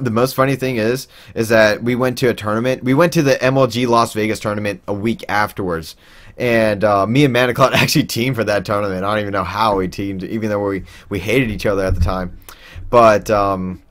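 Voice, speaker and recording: A young man telling a personal story in a casual, rambling way, with lots of fillers and restarts. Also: fairly low pitch. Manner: acts out quoted people in raised voices.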